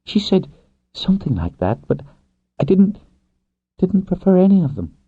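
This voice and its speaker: A man voicing a shy, wary young woman dragonrider who speaks softly and haltingly, set well above his own low pitch. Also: big pitch swings, husky, full character voice. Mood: hesitant. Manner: soft, hesitant, halting. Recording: tinny phone-like, dry.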